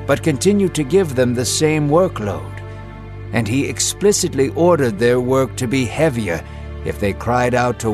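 Slow dramatic male storyteller. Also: medium pitch. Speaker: narrator. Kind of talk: scripted Bible story narration. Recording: narration over a music bed. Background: music.

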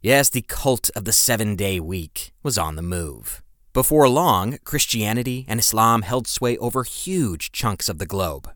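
A man's voice: on the low side, expressive, unhurried, a bit bright, no room sound, clean studio sound. A man hosting a podcast, reading scripted history narration in a dramatic, emphatic storytelling manner with playful asides. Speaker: podcast host.

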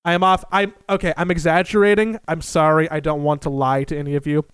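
A young man telling a funny personal story in a casual, animated and profane way, mocking himself. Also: on the high side, fast talker, clear, resonant tone, dry recording.

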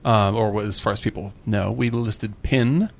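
A man's voice: on the low side, fairly even intonation, measured pace, gravelly. A man hosting a podcast, chatting casually and enthusiastically with frequent laughs. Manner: enthusiastic, laughs often, many restarts. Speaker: podcast host. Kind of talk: casual chat.

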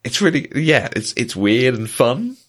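A man in a relaxed film-discussion podcast, musing over a movie at a mid-range pitch. He talks thoughtfully, stumbling and restarting, and chuckles along the way. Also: unhurried. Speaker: podcast co-host.

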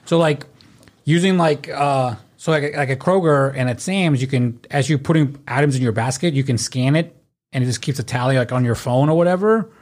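A man's voice: medium pitch, a little fast, darkish tone. A young adult man in casual podcast chat, telling stories in a profane, ranting way.

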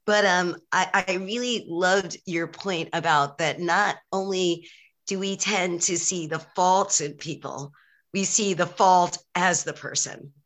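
A woman speaking up in a class discussion, halting and restarting, laughing often. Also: fairly low pitch, a bit bright. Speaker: class participant. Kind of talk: casual sharing in class discussion.

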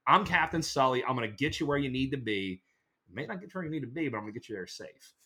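Man, casual podcast chat, rapid delivery, forceful bright tone, animated rambling storyteller. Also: mid-range voice, slightly rough.

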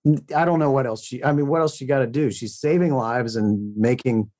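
A man's voice: medium pitch, a little fast, a little mellow. Middle-aged man, country singer guest; loose, chatty, self-mocking storyteller. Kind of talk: casual interview chat.

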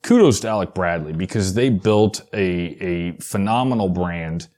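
A lower-pitched man co-hosts a casual podcast. He chats easily and swears now and then, in a relaxed, offhand way. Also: moderate pace. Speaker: podcast co-host. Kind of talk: casual chat.

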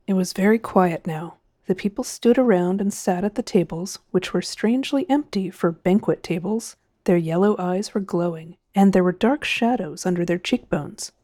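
A woman reading a short story aloud in a measured, expressive narration. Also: fairly low pitch, no echo, studio quality.

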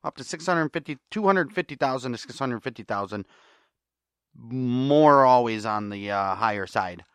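A man's voice: medium pitch, lively intonation, moderate pace, clear, resonant tone, no room sound, studio quality. A man with an American accent hosting a solo podcast, ranting angrily and swearing often. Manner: angry, profane ranting. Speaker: podcast host.

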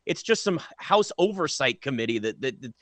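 A man's voice: medium pitch, very animated, moderate pace, a bit bright, no echo. A man co-hosting a casual sports talk show, ranting emphatically and with exasperation.

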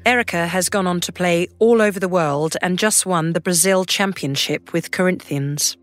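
A woman's voice: on the low side, normal speed. Woman narrating a sports documentary. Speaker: podcast host and narrator.

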